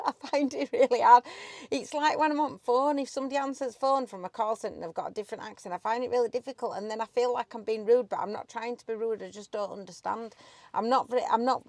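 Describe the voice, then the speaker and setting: West Yorkshire woman, casual vlog co-host, teasing, slightly high, dry. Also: darkish tone, no room sound. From Batley, Yorkshire. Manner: teasing, chatty. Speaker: van life vlogger. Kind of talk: casual chat. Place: inside a campervan.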